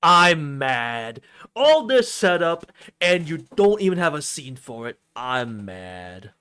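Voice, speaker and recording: An excitable male streamer reading a visual novel aloud and chatting with his viewers, his voice sitting a touch high and swinging widely in pitch. He curses casually and reacts loudly. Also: slow, smooth, dry recording. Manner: animated, swears freely, talks to chat.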